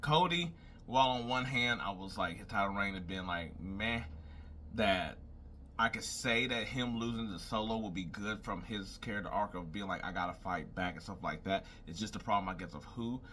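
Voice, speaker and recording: A man's voice: fairly low pitch, moderate pace, sharp tone, slight background noise. A young man talking casually, rambling and thinking aloud as he makes predictions and keeps repeating "I was like". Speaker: wrestling commentator making predictions. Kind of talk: casual solo talk.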